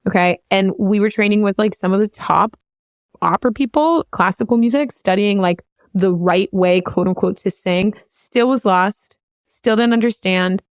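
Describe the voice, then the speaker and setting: A woman's voice: medium pitch, smooth, no echo. Brief: woman vocal coach hosting, earnest and rambling, open about feelings, dry close sound. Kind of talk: candid podcast conversation.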